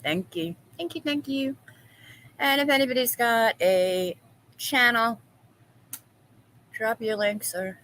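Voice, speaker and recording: A woman's voice: fairly high pitch, slow pace, pauses often, a bit bright, slight background noise, poor audio. A woman hosting a casual live-stream chat, gossiping, laughing often and reading viewers' comments aloud.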